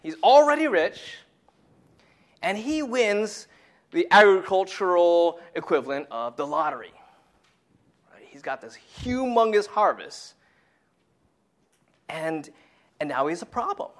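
A man's voice: sits high, big pitch swings, a little slow, pauses often. A man preaching a casual sermon to young people, conversational and emphatic, who keeps repeating his key phrases.

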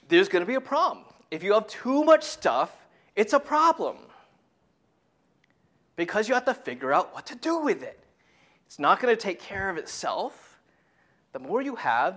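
A man's voice: high-pitched, fairly bright tone. A man preaching a casual sermon to young people, conversational and emphatic, who keeps repeating his key phrases.

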